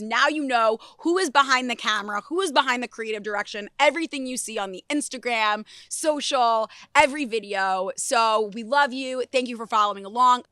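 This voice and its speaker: A woman's voice: fairly high pitch, sharp tone, no room sound, studio quality. Chatty young woman podcast host. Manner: chatty, filler-heavy "like" phrasing. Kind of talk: casual chat.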